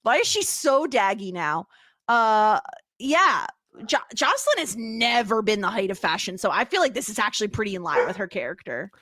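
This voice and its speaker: A woman co-hosting a casual podcast chat, animated and quick to laugh, often teasing herself. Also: mid-range voice, no echo. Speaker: podcast co-host.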